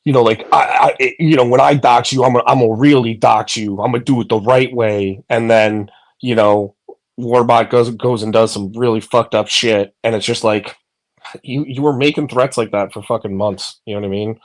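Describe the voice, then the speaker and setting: A man's voice: medium pitch, steady tone, normal speed. Man, casual chat, phone in bed, profane, rambling, laughing.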